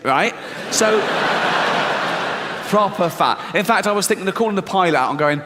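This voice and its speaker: A man's voice: high-pitched, animated, normal speed, long pauses, crowd noise. An English man doing a stand-up routine, telling a story in a brash, profane, mock-incredulous way. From England. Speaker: stand-up comedian. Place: live comedy venue. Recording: live stage recording in a reverberant hall with audience ambience.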